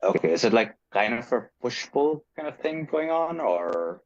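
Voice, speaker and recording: A man's voice: medium pitch, sing-song, normal speed, dull audio. A man asking a coach for dating advice on a livestream, hesitant and full of fillers.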